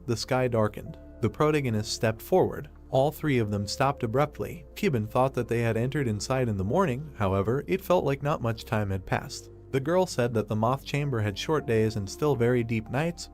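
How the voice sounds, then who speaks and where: A man tells a story recap in a steady, even narrating voice at a middling pitch. Faint music plays underneath him throughout. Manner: steady storytelling in third person.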